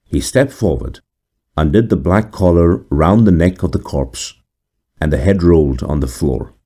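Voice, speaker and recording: A man reads a classic horror tale aloud with deliberate, dramatic pacing. His voice is deep and mellow, and it moves expressively through a wide pitch range. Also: lively intonation. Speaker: narrator. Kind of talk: scripted horror story narration.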